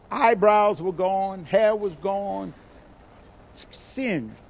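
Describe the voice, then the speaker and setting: An older man preaching a sermon as a guest speaker, telling stories with animated bursts and quiet asides. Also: sits high, slow pace. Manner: animated storytelling, acts out quoted voices with sudden loud bursts and quiet asides.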